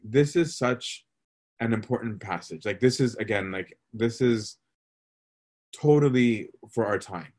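A man's voice: lowish voice, unhurried, a little mellow. A male priest giving a casual, conversational sermon, telling stories and asking "right?" along the way. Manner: casual storytelling with many fillers and "right?".

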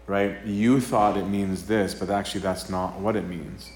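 A man's voice: on the low side, flat delivery, normal speed, hardly any pauses, a little mellow. A male priest giving a casual, conversational sermon talk. He acts out quoted dialogue and keeps checking in with "right?". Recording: roomy live talk with faint ambience.

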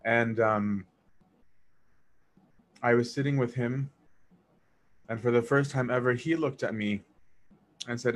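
A man casually telling a personal story, animated, acting out dialogue and laughing as he goes. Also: mid-range voice, slow, pauses often. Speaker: storyteller recounting memories of a monk.

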